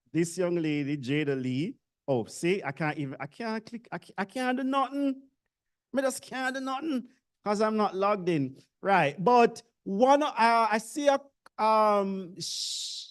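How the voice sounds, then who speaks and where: A speaker with a Jamaican accent gives a casual orientation address to new university students, joking and teasing the audience. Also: mid-range voice. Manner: joking, self-deprecating, chatty with the audience.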